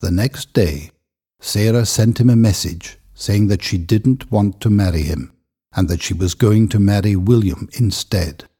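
Husky, dark-voiced male narrator. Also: lowish voice, unhurried. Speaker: audiobook narrator. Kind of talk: scripted story narration.

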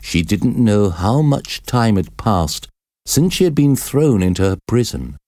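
Very deep, slow male storyteller. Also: very animated, warm tone, no room sound, clean studio sound. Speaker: narrator. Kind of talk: scripted storybook narration.

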